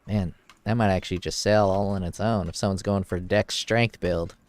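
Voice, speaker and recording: A man casually commenting on his gameplay as a streamer. He swears freely, gets excited, and reads item text aloud. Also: low-pitched, normal speed, no echo. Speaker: game streamer.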